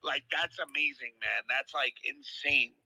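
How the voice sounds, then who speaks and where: A man's voice: mid-range voice, measured pace, bright, forceful tone, rough recording. A man co-hosting a casual podcast, laid-back and full of fillers. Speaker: podcast co-host.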